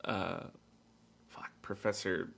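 A man's voice: sits low, little pitch movement, slow, creaky, a bit bright, husky. A man co-hosting a casual movie podcast, rambling and swearing freely as he talks through the film. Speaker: podcast co-host.

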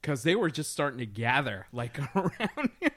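A man's voice: mid-range voice, very animated, normal speed, fairly bright tone, no room sound. Male co-host, casual and profane, mid-range voice, dry mic. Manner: profane, loose storytelling with many fillers. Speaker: podcast co-host. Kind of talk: casual chat.

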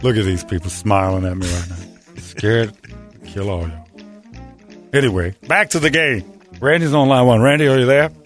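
A man's voice: on the low side, moderate pace, long pauses, soft background music. Brash, teasing male sports radio host. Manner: brash, teasing, trash-talking. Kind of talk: joking sports radio banter.

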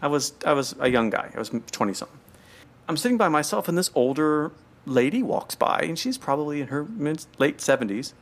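A middle-aged American man hosts a podcast, casually rambling through a story with many fillers. His voice is on the high side, with big pitch swings and a slightly fast pace.

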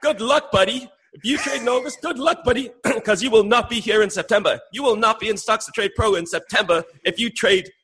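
A cocky trading mentor, squeaky and smug, warning everyone off in a sing-song voice, as a man puts him on. The voice sits well above the speaker's own register. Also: a little fast, hardly any pauses, pushed and bright, breathy edge, big-room sound, full character voice. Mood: mocking. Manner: high, mocking, teasing impression.

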